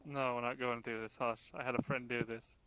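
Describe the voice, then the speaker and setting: A man's voice: mid-range voice, little pitch movement, fairly quick, a bit bright, slight background noise, low-quality recording. A man in casual in-character roleplay over voice chat, rambling and swearing now and then, muttering to himself. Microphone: voice chat mic.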